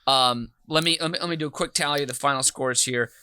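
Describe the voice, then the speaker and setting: A man hosting a casual comedy game show, teasing the contestants with quick banter. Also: medium pitch, sharp tone, clean tone, no room sound, clean studio sound.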